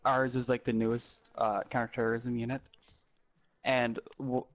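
A man's voice: medium pitch, level tone, normal speed. A man from Canada chatting in a game voice call, rambling and making fun of himself. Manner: rambling, self-mocking. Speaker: gamer in a voice chat. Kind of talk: casual gaming banter.

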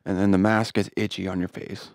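Blunt, cursing young man, low voice. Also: level tone, a little fast, no echo, studio quality. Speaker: podcast co-host. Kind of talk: casual chat.

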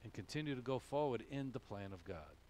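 A man's voice: medium pitch, expressive, a little fast, darkish tone, a little hiss or hum. A man with a Boston accent preaching a sermon in a conversational way, often checking in with "okay?". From New England, USA. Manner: conversational, frequent "okay?" asides. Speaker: pastor.

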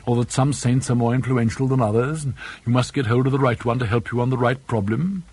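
Man as a skeptical young student, measured and questioning, husky. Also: medium pitch, a little mellow, natural voice. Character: earnest, skeptical young male student, reasonable.

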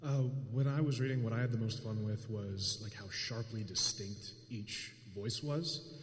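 Low-voiced man asking in roomy hall. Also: normal speed. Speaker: audience member asking a question.

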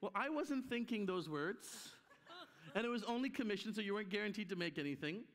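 A Canadian man tells stories in a sermon at a church conference, his high voice brisk and animated as he acts out the voices of people he quotes. The hall gives the recording an echoey reverb.

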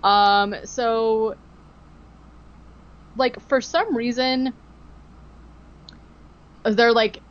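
A woman's voice: fairly high pitch, extremely slow, long pauses, highs cut off. A woman podcast co-host in casual chat, animatedly recapping a TV episode and acting out the quotes, with lots of "like" and "um". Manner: animated storytelling, acting out quotes, many fillers like "like" and "um".

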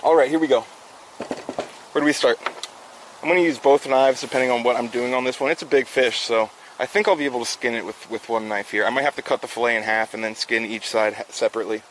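A man's voice: mid-range voice, steady tone, fast, few pauses, a bit bright, slight background noise. Upbeat man filleting fish on stream. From South Florida. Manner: upbeat, chatty, talks to chat while working. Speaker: fishing livestream host. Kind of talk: casual live-stream instruction. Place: outdoors.

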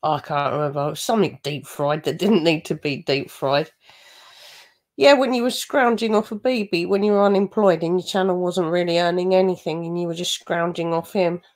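A woman's voice: fairly low pitch, moderate pace, a little mellow. A woman giving mocking, gossipy commentary over a video she is reacting to. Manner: sarcastic, gossipy asides.

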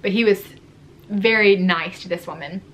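A woman's voice: mid-range voice, normal speed, fairly bright tone, slight background noise. A young adult woman vlogger telling a story in a casual, chatty way, full of "like". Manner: chatty, fillers like "like" throughout.

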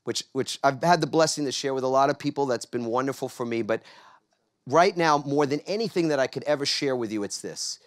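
A man's voice: mid-range voice, a little fast. A middle-aged man from New York gives a motivational talk to a live audience, coaxing them to answer back. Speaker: speaker.

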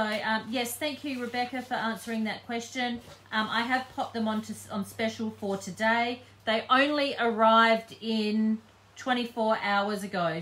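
A woman's voice: fairly high pitch, a bit bright. A woman giving a live painting tutorial, chatting casually and thinking aloud as she works. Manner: chatty, thinking aloud while working, frequent ums. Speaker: craft demonstrator.

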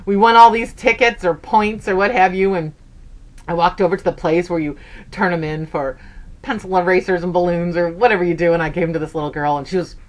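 A woman in her fifties, a sewing vlogger, chats casually and briskly in a steady tone while telling stories. She drops many "okay"s and jumps her voice up sharply to act out quotes.

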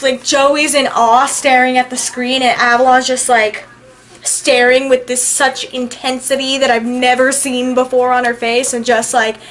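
A young woman with a notably high voice talks through a film in a casual review chat. She tells stories with feeling and acts out lines as she goes. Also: moderate pace, a little hiss or hum. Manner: animated, emotional storytelling with acted-out quotes. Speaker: co-host.

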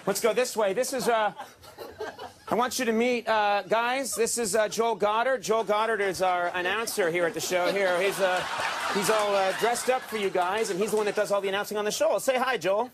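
A man hosting a late-night talk show, leading a brisk, joking backstage tour of the TV studio with mock-bossy banter. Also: high voice. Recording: loud crowd and noisy ambience.

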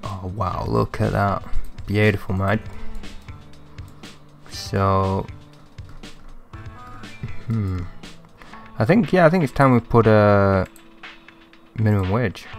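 A young man giving chatty let's-play commentary, thinking aloud and getting excitable. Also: lowish voice, very slow, vocal fry, pauses often, soft background music. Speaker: gaming commentator.

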